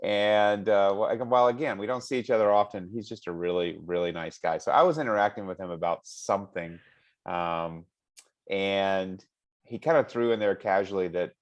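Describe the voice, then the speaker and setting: A man's voice: low voice, normal speed, dull audio. A man hosting a medical podcast, chatting casually and reading a listener's email aloud with frequent laughs. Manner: chatty and amused, laughs often. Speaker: hand surgeon podcast host.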